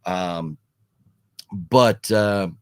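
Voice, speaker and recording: A man's voice: extremely slow, clear, resonant tone, no echo. A man hosting a casual live stream, chatting loosely and reading viewer comments, rambling with frequent restarts. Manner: rambling, restarts often, animated swings in pitch. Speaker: host of a livestream movie talk show.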